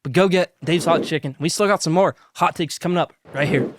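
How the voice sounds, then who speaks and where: A man hosting a sports podcast, pitching a sponsor and giving basketball hot takes between bites of food, talking with food in his mouth at times. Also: a little fast, noisy background. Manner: hyped, salesy, talks with food in mouth. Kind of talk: sponsored hot-takes segment while eating.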